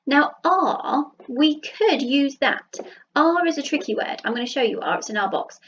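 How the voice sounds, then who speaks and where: A woman with a Southern English accent teaching a phonics lesson to young children, sounding out letters slowly and praising them. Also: high voice, animated, highs cut off, a little hiss or hum. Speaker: primary school teacher. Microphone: computer mic while writing with a mouse.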